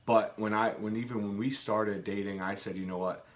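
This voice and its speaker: A man's voice: lowish voice, fairly even intonation, moderate pace. A man co-hosting a live home Q and A from his kitchen, chatting casually and rambling with jokes and restarts. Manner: rambling, jokey, trails off and restarts. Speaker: co-host of a live Q and A.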